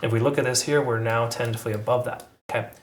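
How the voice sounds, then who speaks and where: A man's voice: mid-range voice, steady tone, racing, roomy sound, slight background noise. A man hosting a channel, casually talking through price charts with lots of fillers and self-corrections. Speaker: crypto channel host. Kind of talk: casual chart analysis commentary.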